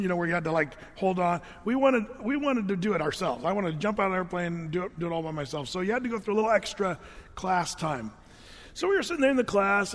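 A middle-aged man with a notably high voice tells a funny story from his past in a loose, rambling way, backing up and restarting his sentences. His voice carries into a large hall and trails off in a long reverb. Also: fairly bright tone. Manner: loose, rambling, self-correcting. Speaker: speaker telling a personal story. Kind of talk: humorous storytelling to an audience.

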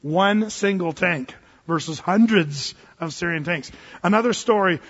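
Man, pastor, high voice, animated sermon storytelling, lo-fi, long hall echo. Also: a little slow, breathy edge. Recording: dull lo-fi sound in a reverberant hall.

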